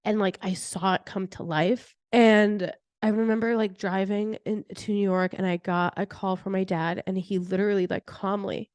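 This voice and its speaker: A woman's voice: mid-range voice, moderate pace, clear, resonant tone, no room sound. Chatty young woman, dry close sound. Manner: chatty, heavy use of "like" fillers; animated retelling with laughter. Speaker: podcast host. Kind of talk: casual personal storytelling.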